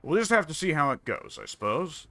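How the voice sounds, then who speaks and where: A man's voice: a little high, big pitch swings, brisk, pushed and bright, dry recording. A man casually commenting on his own strategy game, musing and wry, talking half to himself. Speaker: gameplay commentator.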